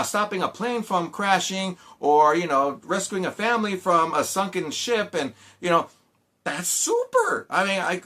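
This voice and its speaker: A man reviewing a film in a loose, rambling way, tripping over restarts and fillers and sounding fed up. His voice sits a little high for a man and has a bright, forceful edge. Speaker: movie reviewer. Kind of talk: casual spoken review.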